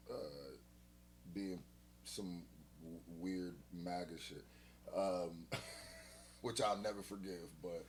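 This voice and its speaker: A man hosting a reaction video in casual commentary, joking loudly one moment and muttering low the next. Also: a little hiss or hum. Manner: animated, jumps from loud joking to low mutters.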